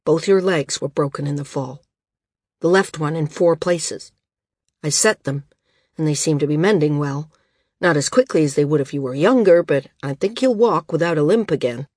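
A woman reading a calm, grave male island healer. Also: sits low, breathy edge, no echo, clean studio sound. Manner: calm, measured and bitter at times.

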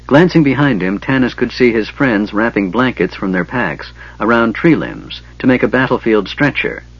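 A man reading an audiobook in measured, storytelling narration, on a slightly dull recording. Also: mid-range voice, expressive, breathy edge, no echo. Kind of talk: scripted narration.

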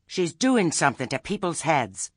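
A man's voice: fairly high pitch, big pitch swings, moderate pace, a bit bright, slightly rough, no room sound, clean studio sound, voice pushed up, heavily acted. A man voicing a prim, bossy woman on a village committee, accusing and officious. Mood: stern, accusing.

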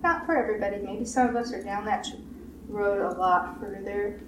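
A woman pastor giving a sermon, with emphatic repetition and quick acted-out quotes. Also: medium pitch. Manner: repetitive emphatic preaching, acts out quoted voices. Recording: roomy echo, distant mic, faint hiss.

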